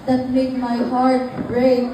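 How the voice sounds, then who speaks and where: A young woman declaims a dramatic piece in a high, unhurried voice that sweeps through pitch and loudness. She is heard from far off in a very echoey hall, with a faint crowd and light noise behind her. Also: monotone. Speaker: declamation contestant.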